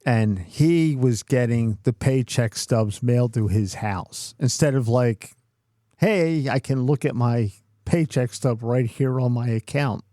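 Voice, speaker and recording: A man's voice: mid-range voice, unhurried, dark tone, no echo, clean studio sound. A middle-aged man co-hosting a podcast, telling a workplace story in a cursing, ranting way. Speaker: podcast co-host. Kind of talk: casual chat.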